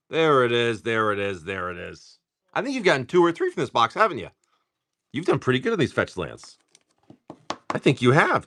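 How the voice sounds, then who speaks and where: A man's voice: medium pitch, big pitch swings, moderate pace, pushed and bright. A man hosting a livestream, chatting casually and profanely while opening trading card packs. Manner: laid-back, rambling and profane, lots of restarts. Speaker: card-breaking livestream host.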